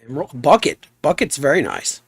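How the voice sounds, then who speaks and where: A young man chatting in a relaxed, rambling way while streaming a game, trailing off into asides. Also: a little high, a little fast, vocal fry, husky, no room sound. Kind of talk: relaxed live stream chat.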